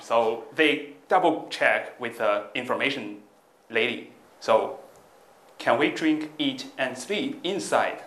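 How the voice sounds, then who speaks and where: Bright-voiced man telling a halting anecdote. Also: mid-range voice, big pitch swings, reverberant. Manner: halting, non-native English with many fillers and restarts. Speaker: stand-up comedian guest.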